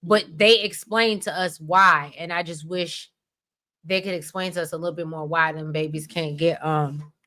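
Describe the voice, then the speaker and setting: An American woman chatting casually as a co-host, her voice bright and forward. She tells stories in an animated, rambling way, full of asides and sudden emphasis. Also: deep voice, normal speed. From United States. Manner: animated, rambling, expressive storytelling. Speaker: podcast co-host. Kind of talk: casual recap chat.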